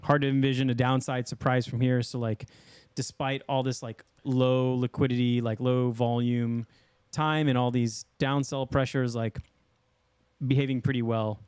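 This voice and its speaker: A man's voice: mid-range voice, little pitch movement, normal speed, a little mellow, clear, resonant tone, no room sound. A man co-hosting a podcast in easygoing, joking casual chat. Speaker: podcast co-host.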